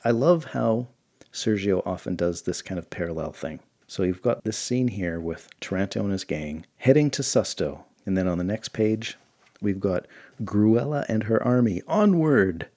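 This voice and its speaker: A man's voice: deep voice, normal speed, dark tone. A man hosting a comics channel, reading a comic aloud with enthusiastic, chatty asides.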